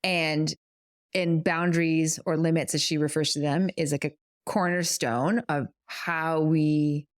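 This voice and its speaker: A woman's voice: low voice, steady tone, measured pace, no room sound, clean studio sound. Earnest, reflective middle-aged woman co-host. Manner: earnest and reflective, explains at length with self-corrections. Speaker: podcast co-host. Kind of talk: casual conversational podcast.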